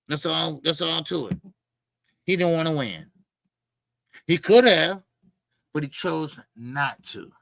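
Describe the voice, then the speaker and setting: A man's voice: fairly high pitch, gravelly, a bit bright, no room sound. A man hosting a boxing talk show, ranting in blunt, profane casual commentary.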